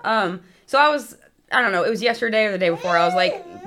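A woman's voice: mid-range voice, fast talker, crowd noise. A woman co-hosting a podcast in casual chat, telling stories in a giggly, rambling way. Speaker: podcast co-host.

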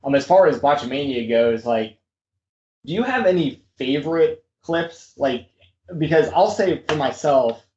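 A man's voice: mid-range voice, lively intonation, unhurried, a little mellow, a little hiss or hum. A man from the United States hosting a podcast interview, laid-back and chatty, often calling the guest dude and man. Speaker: podcast host. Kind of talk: casual interview chat. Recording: roomy, dull lo-fi audio.

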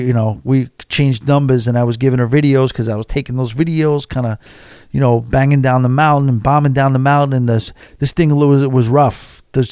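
A man in a vlog, telling a story in a chatty, animated way and acting out what people said. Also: mid-range voice, no echo, studio quality. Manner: animated, chatty, acts out quotes. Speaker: vlogger. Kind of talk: casual storytelling.

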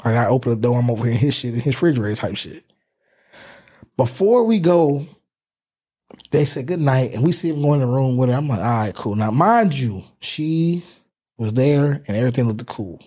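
A young man hosting a casual talk show, telling a story in an animated way and acting out what people said. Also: mid-range voice, a little fast, husky. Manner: animated storyteller, acts out quotes. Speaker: podcast host.

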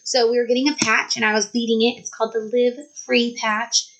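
Chatty mom, higher voice. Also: female voice, a little fast, rough recording. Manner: chatty, animated, many "like"s. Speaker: vlogger. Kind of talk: casual storytelling.

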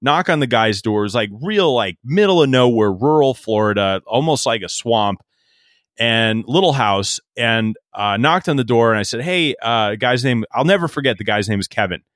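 A man's voice: mid-range voice, moderate pace, no echo, clean studio sound. A middle-aged man telling a casual sales story as a podcast guest, laughing often and quoting himself. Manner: animated anecdote-teller, laughs often, quotes himself.

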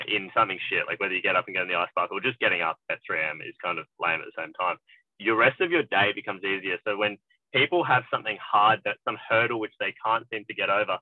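A man's voice: low-pitched, no room sound. A man talking in a reflective, rambling way, hosting a casual podcast conversation. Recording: dry tinny phone-like line.

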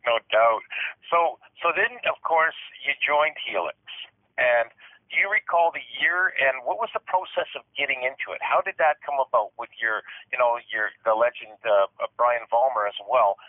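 A man's voice: mid-range voice, animated, normal speed, dry recording. A man hosting a podcast, interviewing a guest with casual, loosely worded questions. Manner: casual, asks long loose questions with short backchannels. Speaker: podcast host. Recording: tinny phone line, dry.

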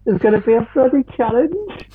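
A woman voicing a shrill, silly adult woman persona in a squeaky, sing-song, theatrical voice. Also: lively intonation, a little fast, slightly rough. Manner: theatrical, over-the-top. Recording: tinny phone-like line.

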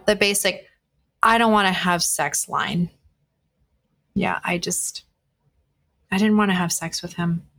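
A woman hosting a podcast, candidly telling a personal dating story to listeners, speaking bluntly and swearing freely, with frequent restarts. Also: lowish voice. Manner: frequent restarts and fillers, conversational retelling. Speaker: podcast host.

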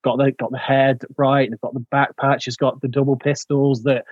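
A man's voice: mid-range voice, flat delivery, moderate pace, no room sound, highs cut off. A man chatting casually about a film, rambling with many fillers and restarts. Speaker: podcast co-host.

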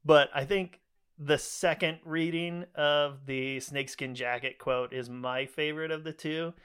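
Smooth-voiced man joking on a podcast. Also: on the high side, steady tone, a little slow, a bit bright. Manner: joking, rambling, laughs often. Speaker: podcast co-host. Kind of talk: casual chat.

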